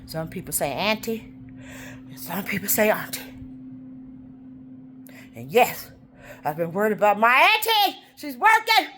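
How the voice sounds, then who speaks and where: A woman rambling aloud in a monologue, talking to God and to her auntie, drifting from soft murmurs into loud outbursts. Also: mid-range voice, expressive, normal speed, a little hiss or hum. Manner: talks aloud to God and her auntie, breaking into song snatches.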